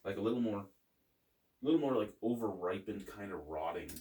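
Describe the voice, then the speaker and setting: A man with a somewhat low voice talks through a beer tasting in a loose, rambling way, dropping jokes and curse words. He sits a little away from the microphone. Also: animated, normal speed, dark tone, roomy sound, distant mic. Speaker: beer review host. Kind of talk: casual beer review chat.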